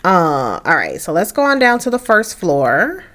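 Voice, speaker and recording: Chatty, animated young woman gamer. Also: on the low side, unhurried. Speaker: gaming creator. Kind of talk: let's play commentary.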